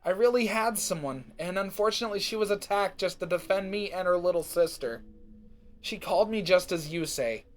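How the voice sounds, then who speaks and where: A man's voice: sits high, lively intonation, fairly quick. A man voicing a proud, blunt young female pony who hides her feelings. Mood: pleading. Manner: curt and blunt.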